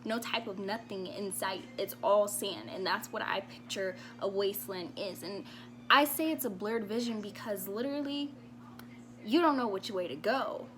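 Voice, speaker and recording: A woman's voice: mid-range voice, moderate pace. A young woman vlogging a heartfelt personal faith testimony, emotional and laughing now and then between thoughts.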